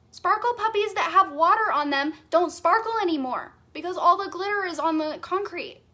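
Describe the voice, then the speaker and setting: Bubbly high-voiced woman coach. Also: pushed and bright. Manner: bubbly and enthusiastic, reads out chat comments. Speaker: business coach. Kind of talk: live masterclass teaching.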